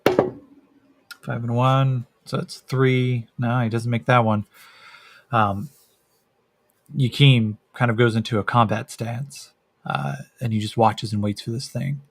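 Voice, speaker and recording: Slow, husky game master narrating. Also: male voice, medium pitch, steady tone, dry recording. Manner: hesitant, many fillers, descriptive. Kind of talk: narrating a solo tabletop game.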